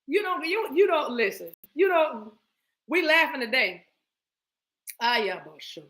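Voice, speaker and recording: Brief: playful woman spiritual reader, bright and forceful tone, casual chat with viewers. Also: high-pitched, measured pace. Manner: animated, breaks into bursts of speaking in tongues; playful, laughs often, talks to viewers as y'all. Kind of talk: casual spiritual reading session.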